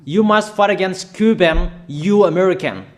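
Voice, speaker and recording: A man preaching a sermon of declarations, emphatic and repetitive, with pauses and fillers. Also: high-pitched.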